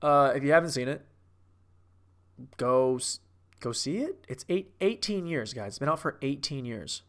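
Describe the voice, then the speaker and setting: A man in his thirties rants about a movie with brash, profane swagger. His speaking voice is mid-pitched, and he rambles, restarts and jokes as he goes. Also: lively intonation, normal speed, fairly bright tone. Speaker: comedic movie reviewer. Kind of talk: casual comedic rant.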